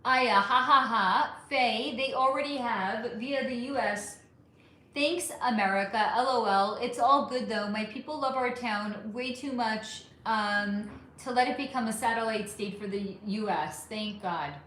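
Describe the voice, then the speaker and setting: A woman's voice: a little high, a little slow, a bit bright, roomy sound. A middle-aged woman hosting a casual livestream, reading viewer comments aloud, chatty and affectionate, calling people honey and swearing freely. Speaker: livestream host.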